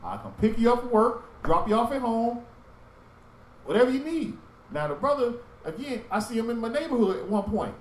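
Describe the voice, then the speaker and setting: A man teaching a religious group in sermon style, with animated storytelling that acts out street talk. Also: very high voice, fairly quick, roomy sound, recorded from a distance, a little hiss or hum, poor audio.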